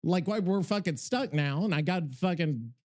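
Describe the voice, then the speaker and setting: This man hosts a casual podcast live, venting with exasperated rants, swearing, and questions he asks more than once. His high-sitting voice is expressive with a darkish tone, at a moderate pace.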